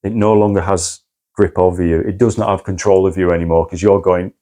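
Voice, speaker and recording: A man's voice: low voice, steady tone, fairly quick, warm tone. A man recounting a personal crisis as a podcast guest, intense and swearing often. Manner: intense, swears often, acts out his own past cries. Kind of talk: candid personal story.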